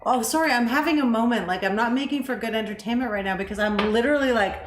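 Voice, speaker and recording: A woman's voice: on the high side, fast talker. A middle-aged woman co-hosting a cooking show, chatting casually, swearing and wandering into asides. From Canada. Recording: echoey kitchen with background noise.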